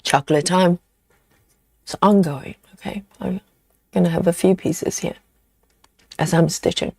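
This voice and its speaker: A woman hosts a relaxed live stream, chatting away and reading out her viewers' comments. Her voice has a gravelly edge of fry. The sound is close and dry, with no room echo. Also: lowish voice, normal speed. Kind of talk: casual live-stream chat.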